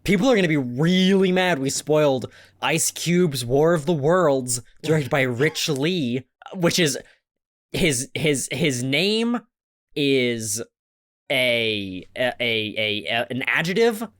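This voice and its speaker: A man co-hosting a casual movie review podcast, sarcastic and quick to laugh. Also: medium pitch, animated, fairly bright tone, dry recording, studio quality. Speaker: podcast co-host.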